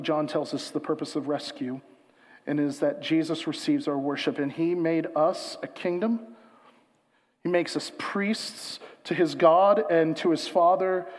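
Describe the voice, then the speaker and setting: High-pitched guy preaching, punchy and emphatic, long echo like a big church. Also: steady tone. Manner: emphatic, rising to loud peaks, then slow and hushed for a reading. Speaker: pastor. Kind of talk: sermon.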